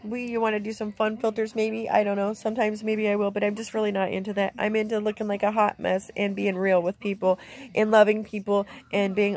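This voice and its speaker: A middle-aged woman vlogger speaking candidly and emotionally in a plainspoken, heartfelt way from inside a camper. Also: mid-range voice. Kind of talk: candid personal vlog.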